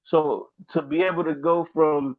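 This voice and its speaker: Podcast co-host from Ohio, fairly high male voice, animated and rambling, thin phone-like dry recording. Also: a little slow, no room sound. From Dayton, Ohio. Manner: animated, rambling, lots of fillers. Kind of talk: casual chat. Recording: dry, tinny phone-like sound.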